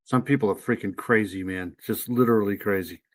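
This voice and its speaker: A man's voice: lowish voice, fairly quick, over music. A man casually hosting a livestream, reacting to clips and greeting his chat with loose fillers. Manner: laid-back, greets chat, trails off with fillers. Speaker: livestream host.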